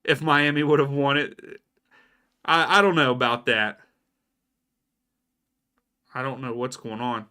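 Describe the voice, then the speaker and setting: A man's voice: medium pitch, steady tone, a little slow, pauses often, bright, forceful tone, smooth. A young adult man doing casual live match commentary for a watchalong stream, reacting to plays and answering viewers by name. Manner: casual, reacts to plays and reads out chat names.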